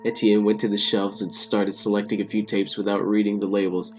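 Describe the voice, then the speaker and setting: A man's voice: on the low side, flat delivery, fairly quick, darkish tone, soft background music. A man playing a text game, reading it aloud and talking back to the characters in jokes. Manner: joking, talks back to the characters. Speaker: let's play gamer.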